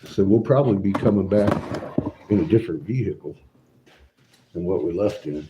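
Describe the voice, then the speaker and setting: A man's voice: deep voice, animated, normal speed, background noise. A man chatting casually on a livestream from his glassblowing workshop. He laughs often, swears freely and rambles through stories.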